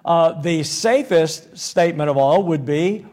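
A man's voice: fairly high pitch, measured pace, few pauses, darkish tone. A man preaching a sermon in a conversational, folksy way, with humorous one-liners and frequent restarts.

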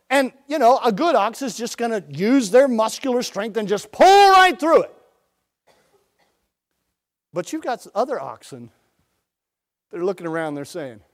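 A man preaching a sermon in a folksy storytelling way, jumping between loud bursts and quiet asides. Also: sits high, animated, normal speed.

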